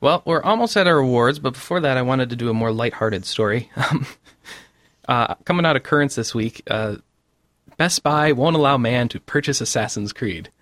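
A man with a middle-pitched voice hosts a casual gaming podcast. He chuckles often and retells stories in a loose, chatty way. The sound is dry and close. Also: animated, normal speed, fairly bright tone, no room sound. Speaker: podcast host.

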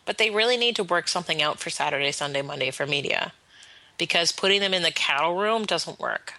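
A woman game developer chatting on a podcast, telling excited stories in a bubbly way. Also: on the low side, brisk, dry recording, low-quality recording. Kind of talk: casual podcast chat.

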